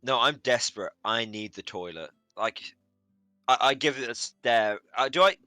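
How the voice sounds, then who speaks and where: A man's voice: mid-range voice, lively intonation, moderate pace, bright, forceful tone, no echo, soft background music. A man playing in a tabletop game, jokey and blunt in casual chat. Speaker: player.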